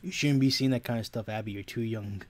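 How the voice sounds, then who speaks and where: A man's voice: medium pitch, fast talker. A young man in casual chat, jokey and dramatic, with mock gasps of disbelief. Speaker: co-host chatting.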